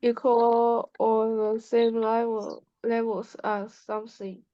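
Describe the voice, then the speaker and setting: A woman's voice: fairly high pitch, highs cut off. A woman learning in class, giving hesitant answers to vocabulary questions. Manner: very slow, hesitant, flat answers. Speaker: language student.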